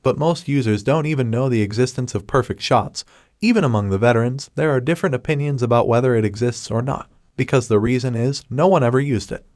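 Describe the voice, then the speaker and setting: A man narrating a recap of a comic story in a steady, scripted storytelling voice. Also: medium pitch, fast, no room sound, clean studio sound.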